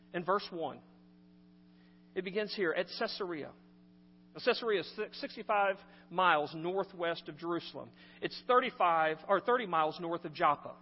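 Male pastor, very high voice, animated sermon delivery, muffled echoing hall recording. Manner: animated, swings between loud emphasis and quiet asides.

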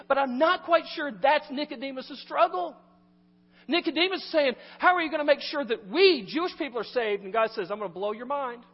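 A man preaching a sermon as pastor, animated, swinging between loud emphasis and quiet asides. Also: extremely high pitch. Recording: muffled recording in a reverberant hall.

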